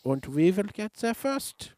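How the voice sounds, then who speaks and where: A man hams up a boastful male space scientist in a thick mock German accent. The voice climbs well above his normal range and drags out each phrase slowly. It sounds grandiose and over the top, as a comic bit in a chat. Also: sits high, big pitch swings, a little mellow, no room sound, pitched above the performer's own voice. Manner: hammy, grandiose. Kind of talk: comic impression in podcast chat.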